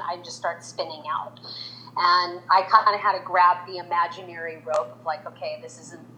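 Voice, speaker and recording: A woman in her forties with a slightly low voice tells a story in an interview. She is animated, jumping up higher whenever she acts out what someone said. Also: moderate pace, rough recording. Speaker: makeup artist, guest.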